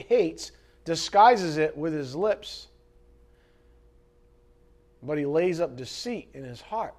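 A man preaching a sermon, dramatic, swinging from loud emphasis to hushed asides. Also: fairly high pitch. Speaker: pastor.

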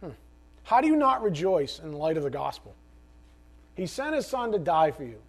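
A man preaching a sermon as pastor, swinging from soft asides to loud, impassioned exhortation. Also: a little high, very animated, moderate pace.

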